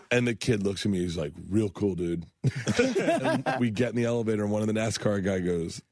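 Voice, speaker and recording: Husky animated storytelling man in his fifties. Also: lowish voice, normal speed, pauses often, no echo, studio quality. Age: 50s. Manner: animated storyteller, acts out voices and laughs a lot. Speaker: guest comedian. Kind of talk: storytelling in casual chat. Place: radio studio.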